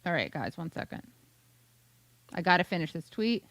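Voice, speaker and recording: A woman hosting a casual talk show, sardonic and quick with profane asides. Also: lowish voice, sing-song, fairly bright tone. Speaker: host. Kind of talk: casual chat.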